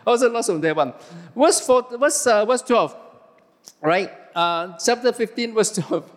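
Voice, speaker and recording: A man's voice: high voice, a little slow, big-room sound. A man preaching a sermon, firing questions at the congregation and answering them himself. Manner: animated, asks the audience questions and answers them.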